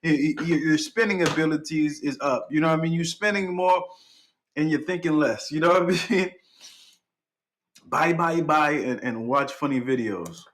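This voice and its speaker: A man's voice: a little high, a little slow, a little hiss or hum. A young man hosting a reaction video, hyped and chatty, repeating lines he likes and laughing often. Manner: excited, repeats phrases, laughs often, hype interjections. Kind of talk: casual reaction commentary.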